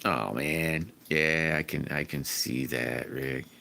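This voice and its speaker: A man hosts a casual livestream, reading out viewer comments in a friendly, rambling way. His voice sits very low and he talks slowly, then breaks into loud whoops when regulars arrive. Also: steady tone, vocal fry. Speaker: livestream host.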